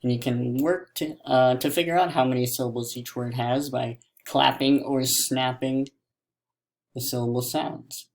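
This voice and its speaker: A man teaching a classroom mini lesson, stretching words out slowly syllable by syllable. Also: medium pitch, steady tone.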